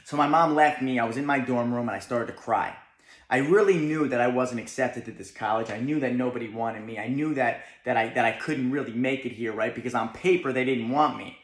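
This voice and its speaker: A man's voice: mid-range voice, brisk. A young man with a New Jersey accent giving an emphatic motivational talk, often checking in with "right?". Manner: emphatic, keeps asking "right?". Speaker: motivational speaker. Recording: echoey room.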